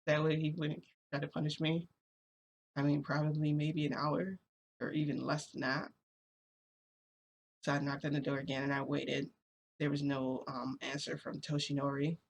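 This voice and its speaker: A woman's voice: low voice, flat delivery, normal speed, gravelly, long pauses, a little hiss or hum. A young woman vlogger telling a personal story in a casual, rambling way, full of fillers.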